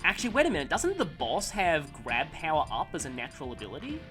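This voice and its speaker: A man's voice: a little high, wildly swooping pitch, fast talker, pushed and bright. Give me a chatty man narrating a let's play over game music. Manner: rambling, chatty, self-deprecating, often breaks off mid-story to react to the game. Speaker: gaming channel host. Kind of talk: let's play commentary with storytelling.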